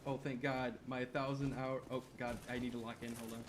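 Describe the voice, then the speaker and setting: Young male streamer, excitable and profane, rambling play-by-play chatter at mid pitch. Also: brisk, background noise. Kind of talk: live gaming stream chat.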